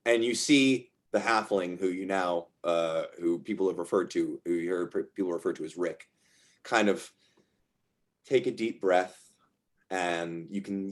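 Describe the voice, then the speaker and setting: A man narrating a tabletop game as game master, hesitating and restarting often. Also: sits low. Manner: hesitant, many fillers and restarts.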